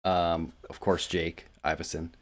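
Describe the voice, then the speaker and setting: A man's voice: low-pitched, little pitch movement, a little slow. A man co-hosting a podcast, chatting casually and tossing in dry, wry remarks. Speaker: podcast co-host. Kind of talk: casual chat.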